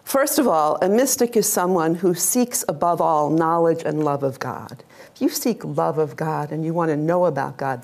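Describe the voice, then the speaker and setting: A middle-aged woman gives a public lecture with slides, her voice slightly low with a gravelly edge. She talks in a warm, chatty way, laughs often, and keeps turning to the audience with questions. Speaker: lecturer, religious sister. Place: lecture hall with a live audience.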